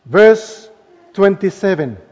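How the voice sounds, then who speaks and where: High-voiced man preaching in a reverberant hall. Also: lively intonation, slow pace. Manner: emphatic, trailing off softly at phrase ends. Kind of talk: sermon. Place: church. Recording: long hall reverb, dull lo-fi sound.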